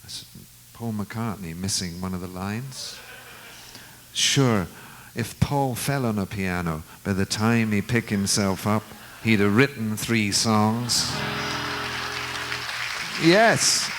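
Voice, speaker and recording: A man in his seventies, a guest musician, telling an anecdote in an unhurried way and acting out the quoted dialogue. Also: lowish voice, fairly bright tone, a little hiss or hum, low-quality recording. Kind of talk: anecdotal storytelling.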